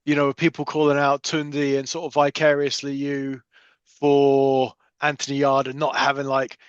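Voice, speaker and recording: A male podcast host chatting in a relaxed, conversational way with loose phrasing. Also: medium pitch, normal speed, smooth, no room sound. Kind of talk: casual interview chat. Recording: dry, slightly dull sound.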